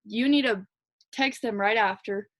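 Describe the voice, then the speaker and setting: A young woman team leader giving a fast, chatty, energetic motivational talk to her team. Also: medium pitch. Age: young adult. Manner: fast, chatty, energetic, lots of "like" and "you guys". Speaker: direct sales team leader.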